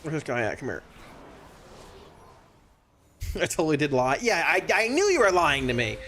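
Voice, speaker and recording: An excitable male streamer with a fairly high voice that swings up and down a lot, talking casually to his chat. He stumbles over his words and repeats phrases when worked up, and a faint hum of background noise sits under his voice. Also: normal speed. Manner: excitable, stammering, repeats himself. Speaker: game streamer. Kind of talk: casual live-stream commentary.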